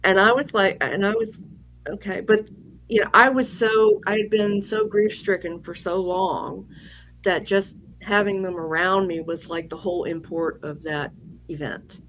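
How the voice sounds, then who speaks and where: A woman's voice: mid-range voice, fairly even intonation, measured pace, a bit bright, rough recording. A woman guest on an interview show, telling a personal story in a candid, rambling way with fillers and restarts. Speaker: guest psychic medium.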